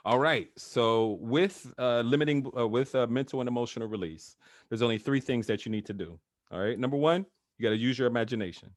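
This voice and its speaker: A man's voice: mid-range voice, a little fast, no echo, clean studio sound. A man working as a coach who talks in a casual, chatty way, with filler words and frequent laughs, over a video call. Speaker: NLP trainer, guest.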